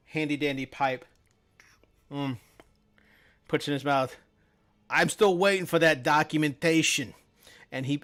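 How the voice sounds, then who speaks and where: A man narrating as the game master of a tabletop game, in a rambling way. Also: medium pitch. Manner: rambling, many fillers and restarts.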